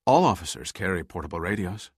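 A tired ship's officer with a wry edge, played by a male narrator. His voice is deep and the sound dry and close. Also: expressive, fast, husky, no room sound. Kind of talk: audiobook character reading.

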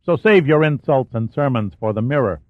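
A man's voice: medium pitch, lively intonation, moderate pace, no room sound, lightly acted. A man reading an audiobook, voicing a cold, contemptuous male hired killer. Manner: contemptuous and sneering. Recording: dry, phone-like narrow sound.

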